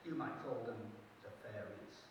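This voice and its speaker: A man telling folk tales live at a festival, lively and playful. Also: on the low side, moderate pace. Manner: lively, playful, chuckling asides. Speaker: storyteller. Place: festival hall. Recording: echoey hall, distant mic, hiss.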